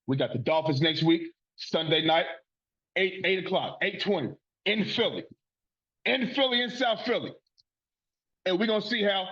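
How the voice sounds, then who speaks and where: Fired-up, husky-voiced man ranting. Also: high voice, lo-fi sound. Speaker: sports podcast host. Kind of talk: heated sports rant.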